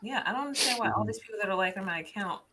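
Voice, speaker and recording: A woman co-hosting a live stream in casual chat, animated and excitable, quick to laugh. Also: medium pitch, very noisy. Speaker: co-host of a live draft stream.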